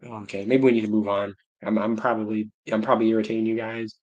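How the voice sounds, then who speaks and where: A man's voice: lowish voice, level tone, fast, darkish tone, muffled recording. Rambling man chatting on a livestream. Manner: rambling, self-interrupting, laughing to himself. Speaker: livestream host. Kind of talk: casual livestream chat.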